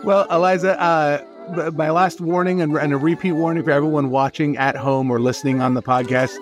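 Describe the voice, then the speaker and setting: A man hosting a comedy podcast, chatting playfully with quick self-deprecating asides. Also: on the high side, steady tone, soft background music. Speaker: podcast host. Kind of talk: casual comedic podcast chat.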